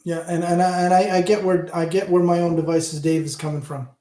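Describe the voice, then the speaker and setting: Speaking briskly from an echoey room, a tipsy livestream host in his fifties from Hamilton, Ontario, rambles, swears and chats with viewers. His voice sits high with fairly even intonation, yet has a dark tone.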